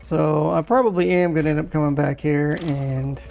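A man streaming a game live, muttering casual commentary and quick offhand reactions. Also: a little high, gravelly, a little mellow.

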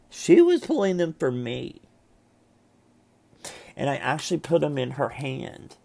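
A man who reads tarot, talking to camera at home in a heartfelt, halting way with many restarts and pauses. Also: medium pitch, creaky, dark tone, breathy edge. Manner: halting and emotional, with frequent restarts. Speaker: tarot reader and vlogger. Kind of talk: casual heartfelt monologue to camera. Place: at home, seated in a chair.

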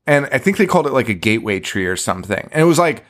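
Man, podcast co-host, lively pitch, profane, keeps laughing and doing bits. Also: racing. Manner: profane, laughing, acts out quotes. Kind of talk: casual movie chat.

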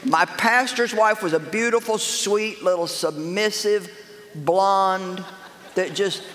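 An older woman preaching a humorous sermon, telling stories in an animated, sassy, self-mocking way. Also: mid-range voice, takes it slowly, a little hiss or hum. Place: large church auditorium with a live congregation. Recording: echoey hall with crowd laughter.

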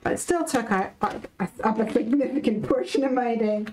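A woman's voice: on the high side, normal speed, darkish tone, a little hiss or hum, rough recording. A woman from the UK hosting a live craft stream, chatting casually and animatedly with viewers and reading out their comments.

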